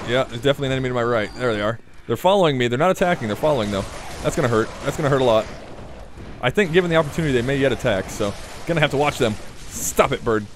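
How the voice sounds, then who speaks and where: A man's voice: medium pitch, a little hiss or hum. A man commentating his own gameplay in a playful, casual way, chatting to the enemies and swearing now and then. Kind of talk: let's play commentary.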